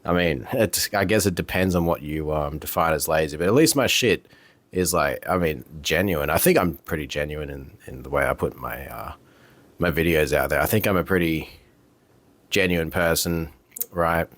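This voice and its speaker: A man's voice: extremely low pitch, normal speed, a bit bright, dry recording. A man ranting casually to his camera, heated and profane, repeating himself with lots of fillers. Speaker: vlogger. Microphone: camera mic.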